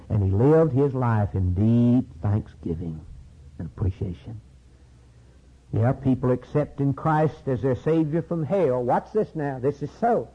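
A man preaching a sermon in a repetitive cadence, swinging between low murmurs and high, urgent cries. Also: lively intonation, unhurried, slightly rough. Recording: dull lo-fi sermon recording.

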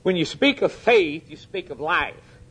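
A man preaching with fervent, emphatic delivery. His voice sits a little high for a man, and he swings from hushed, dropped lines to sudden loud urgent peaks. He asks his listeners questions directly. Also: expressive, measured pace, husky. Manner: addresses the congregation directly with questions. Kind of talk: sermon.

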